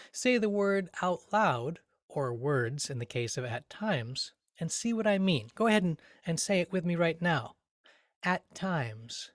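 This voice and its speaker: A man teaching a grammar lesson, speaking carefully and deliberately, sounding out words to show their rhythm. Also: a little high, no echo, clean studio sound. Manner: slow, careful, deliberate delivery with spoken rhythm examples.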